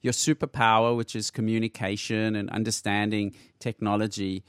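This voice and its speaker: A man's voice: fairly low pitch, level tone, normal speed, clean tone, dry recording, studio quality. A man hosting an interview, talking in a thoughtful way and repeating words as he chooses them. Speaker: podcast host. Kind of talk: conversational interview.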